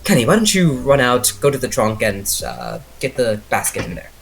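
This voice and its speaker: A man's voice: mid-range voice, very animated, a little fast, creaky, a little hiss or hum. A man voicing a fussing middle-aged aunt who tries to keep the family peace, in a coaxing, anxious manner, during a tabletop game.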